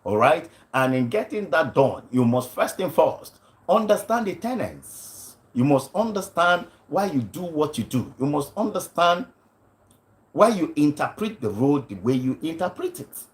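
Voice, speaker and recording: A man's voice: a little high, big pitch swings, normal speed. Emphatic man teaching acting. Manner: emphatic, repeats points, asks "you understand?" often. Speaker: acting coach. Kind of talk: livestream teaching talk.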